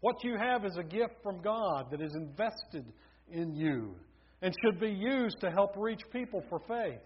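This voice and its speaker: High-voiced husky preacher. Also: male voice. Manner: storytelling, building emphasis. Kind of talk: sermon. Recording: dull lo-fi recording.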